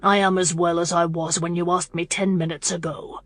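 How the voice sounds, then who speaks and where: A woman narrator voicing a brooding young male aristocrat who speaks wearily and gruffly. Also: fairly low pitch, fairly even intonation, slow pace, fairly bright tone, dry recording. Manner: weary, gruff, clipped.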